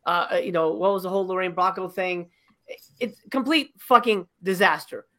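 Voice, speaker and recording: Her voice sits lowish, pushed and bright, at a normal speed. This podcast co-host is reviewing a movie on a casual show, griping with exasperation and swearing about how it ends while imitating scenes in mocking voices.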